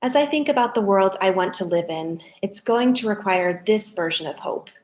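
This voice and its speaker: Woman worship leader, mid pitch, measured and earnest delivery. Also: echoey room. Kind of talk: reflective service reading.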